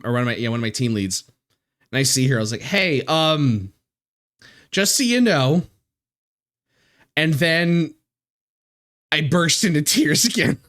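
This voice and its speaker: A man's voice: on the high side, fairly bright tone. Emotional man, close to tears. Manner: emotional, halting, many restarts and fillers, swears. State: near tears. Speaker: streamer. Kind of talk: casual live-stream chat.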